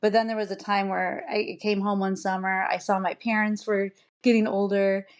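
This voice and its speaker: An American woman in her forties talks openly as a podcast guest. She speaks in an earnest, emotional way, trailing off and restarting her sentences. Her pitch sits in the middle range. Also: flat delivery, moderate pace. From United States. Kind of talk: candid personal storytelling.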